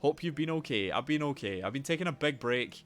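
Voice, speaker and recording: A young man live-streaming a game, chatting casually and loudly greeting viewers by name, with a rambling, swearing manner. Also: medium pitch, a little fast, faint music behind. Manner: animated, loud greetings to viewers.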